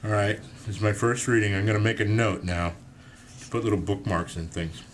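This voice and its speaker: A man's voice: on the low side, fairly quick, slight background noise. A man reading aloud from his own book to a live audience, breaking off for self-deprecating jokes. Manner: self-deprecating, joking asides. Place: indoor room with an audience.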